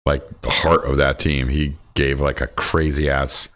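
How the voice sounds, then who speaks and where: A man's voice: rumbling low, level tone, measured pace, fairly bright tone. A man co-hosting a casual sports podcast, laid-back and opinionated, swearing casually. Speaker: podcast co-host.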